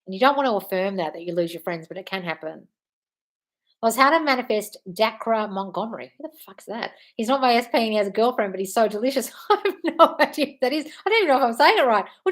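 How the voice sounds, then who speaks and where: A woman manifestation coach answering viewer comments on a livestream, blunt and profane, breaking into loud scolding rants of tough love. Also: a little high, lively intonation, fast talker.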